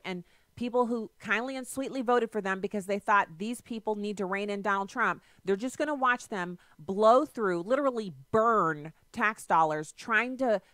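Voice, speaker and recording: A woman's voice: mid-range voice, a bit bright, no echo. A woman hosting a political talk radio show, delivering a sarcastic, emphatic monologue into a studio microphone.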